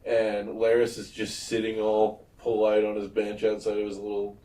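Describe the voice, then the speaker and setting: A man's voice: on the low side, completely flat delivery, moderate pace, warm tone, reverberant, far from the mic, rough recording. A man co-hosting a podcast, casually retelling scenes from a TV episode with loose fillers and some swearing. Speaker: podcast co-host. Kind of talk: casual chat recapping a TV episode.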